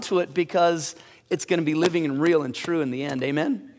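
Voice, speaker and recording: Excited preaching man, voice going hoarse. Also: fairly high pitch, fairly quick, long reverb tail. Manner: preaching with sudden excited rises and quiet drops. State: losing his voice. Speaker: pastor. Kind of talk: sermon.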